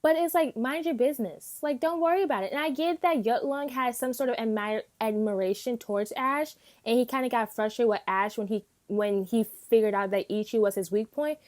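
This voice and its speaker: A woman reviewing an anime in a casual, unscripted rant, animated and emphatic, swearing often and acting out her reactions in quick bursts. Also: on the high side.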